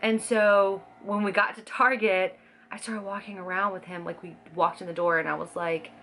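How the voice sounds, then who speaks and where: Chatty woman vlogger, slightly low voice. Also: flat delivery, moderate pace, sharp tone, a little hiss or hum. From Scottish heritage. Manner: chatty and scattered, with frequent fillers and laughs. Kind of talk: casual chat to camera.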